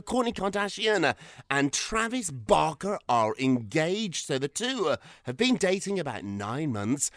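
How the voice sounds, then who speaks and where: A man's voice: on the high side, dry recording, studio quality. Bubbly British man hosting a show. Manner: bubbly, giggly, theatrical. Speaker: radio show host. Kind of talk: lively celebrity news chat.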